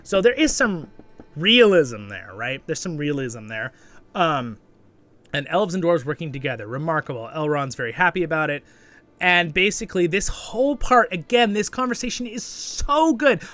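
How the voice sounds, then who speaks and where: A man talks through an episode review in a loose, rambling way, often tagging his points with a quick question. His fairly high voice swings widely in pitch and has a bright, ringing edge. He leaps up with sudden excitement at the parts he likes. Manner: chatty and rambling, keeps asking "right?"; animated, with sudden excited jumps. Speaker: show reviewer and channel host.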